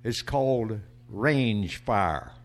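A man performing on stage who introduces his own poem and then recites it in a measured way. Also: lowish voice, expressive. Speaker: cowboy poet performing. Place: stage before a small audience.

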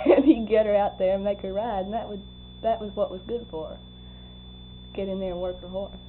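Older woman, oral history interviewee; chuckling, animated storyteller; lo-fi tape hiss. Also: mid-range voice, moderate pace. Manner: laughing, animated storyteller acting out quoted voices. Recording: tinny lo-fi tape with faint hum.

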